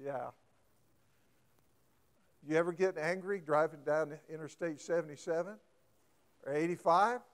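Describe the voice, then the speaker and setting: A man's voice: fairly high pitch, measured pace, pauses often, smooth. A man preaching a folksy sermon, often asking the congregation questions and getting emphatic.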